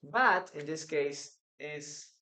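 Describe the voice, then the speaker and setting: A man's voice: a little high, slow pace, sharp tone. A man with a Peruvian Spanish accent teaching English in a live online class, answering viewers' questions from the chat. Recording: echoey room.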